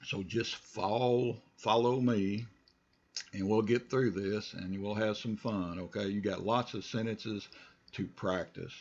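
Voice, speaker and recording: A man teaching English pronunciation, modeling words slowly and deliberately for the listener to repeat, with relaxed asides in between. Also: fairly low pitch, breathy edge, highs cut off. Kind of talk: pronunciation lesson with repeat-after-me drills.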